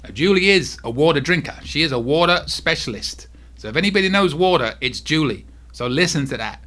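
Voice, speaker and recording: A man hosting a casual cruise vlog at home, talking softly because his face is sore, with frequent asides to a restless cat. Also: a little high, expressive, fairly quick. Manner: talks softly, easily distracted by a restless cat.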